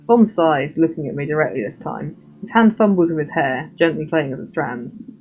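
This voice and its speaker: A woman's voice: sits low, animated, normal speed, a little mellow, soft background music. A woman reading a story game aloud as narrator, with wry, playful asides of her own.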